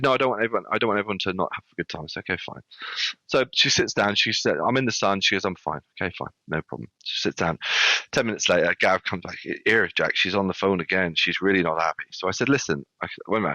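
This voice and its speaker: Man, podcast guest, deep dry voice, quick animated yarn-spinner. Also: no echo. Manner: animated anecdote-telling with many restarts. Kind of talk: casual storytelling. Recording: dull lo-fi sound.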